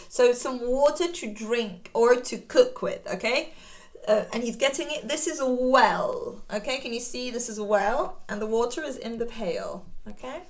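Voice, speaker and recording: A woman reading a picture book aloud to young children, with a gentle, coaxing, teacher-like way of talking. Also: on the high side, lively intonation, measured pace. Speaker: children's story reader.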